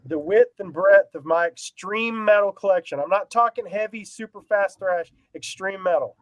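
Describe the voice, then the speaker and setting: A man's voice: sits high, moderate pace, no room sound, rough recording. A man co-hosting a casual podcast chat, rambling and self-deprecating, laughing often. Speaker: podcast co-host.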